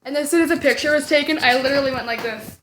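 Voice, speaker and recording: A woman's voice: sits high, rapid-fire, fairly bright tone, slight background noise. A young woman telling a storytime vlog to the camera, giggling and dramatic as she tells it. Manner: giggly, dramatic, breaks into laughing. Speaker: vlogger.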